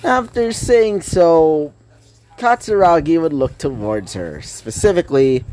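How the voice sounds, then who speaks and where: A man's voice: fairly high pitch, animated, a little slow, warm tone, no echo. A man narrating a fan-fiction story in a rambling way, full of fillers and self-corrections.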